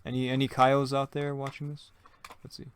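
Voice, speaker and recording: A man's voice: medium pitch, completely flat delivery, brisk, clear, resonant tone. A young man hosting his own gaming channel, chatting casually and thinking aloud as he plays, with self-mocking jokes and plenty of rambling asides. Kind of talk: casual let's-play commentary.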